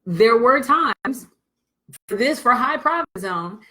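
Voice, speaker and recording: A woman business coach telling a candid motivational story to her audience, blunt and animated, and swearing freely. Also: a little high, slow pace, rough recording.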